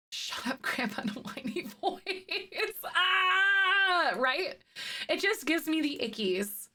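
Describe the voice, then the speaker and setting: With a bright, forceful, somewhat high voice, a young streamer plays a game live. She keeps up a chatty back-and-forth with her viewers, laughing and using fillers as she responds to their messages.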